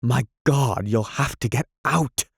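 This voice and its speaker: A man reading an audiobook, voicing a frantic, violent young man who shouts and rages at a woman. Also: medium pitch, slow, creaky, slightly rough, dry recording, clean studio sound, pitched above the performer's own voice, heavily acted. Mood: raging. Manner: shouting, raging, near screaming.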